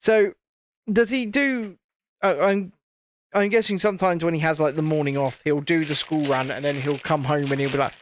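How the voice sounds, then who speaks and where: A man's voice: on the high side, moderate pace, a little hiss or hum. A man, hosting a casual live stream, chatting and teasing while he builds a model. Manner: chatty, teasing, self-deprecating.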